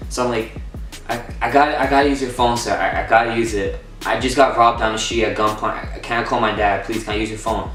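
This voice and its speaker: A young man telling a personal story in a casual storytime vlog, excited, swearing and acting out what people said. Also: mid-range voice, fast, soft background music. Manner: excited, swearing, acts out quotes. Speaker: vlogger. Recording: roomy echo from far off.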